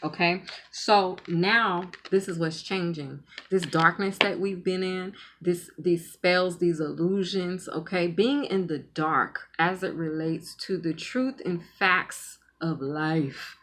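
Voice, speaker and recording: A woman's voice: fairly low pitch, fairly even intonation, takes it slowly, a bit bright, slight background noise. A woman giving a spiritual reading in casual, rambling talk, repeating words and checking in with "okay?" often. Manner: emphatic, stretches key words. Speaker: spiritual medium and tarot reader.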